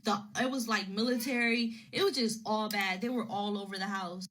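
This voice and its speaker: A woman's voice: medium pitch, steady tone, normal speed, fairly bright tone, rough recording. A woman casually telling a personal story to her phone camera, rambling and repeating herself as she retells what people said.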